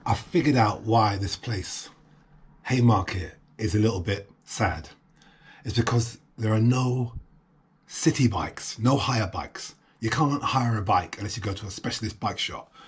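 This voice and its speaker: A man's voice: lowish voice, measured pace, slightly rough. A man talking to the camera as a travel vlogger, musing and chatty as he walks city streets. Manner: musing, chatty, talks to himself. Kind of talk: casual vlog narration. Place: city streets and hotel room.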